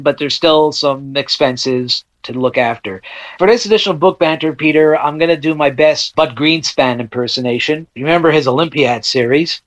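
A man's voice: fairly high pitch, fairly bright tone. A man, talking on radio about a book in a chatty, storytelling way with small slips. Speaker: book reviewer guest. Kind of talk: conversational book segment.

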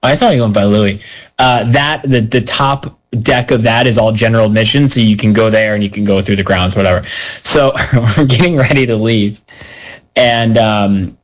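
A man's voice: fairly low pitch, rough recording. A man chatting casually on a podcast, telling a story and acting out the voices of the people in it. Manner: animated storyteller, acts out quoted voices.

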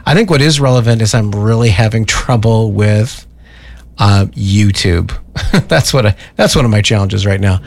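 A man's voice: fairly low pitch, moderate pace, creaky. A man hosting a casual radio show from a studio, chatting in a rambling way with many restarts. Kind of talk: casual on-air chat.

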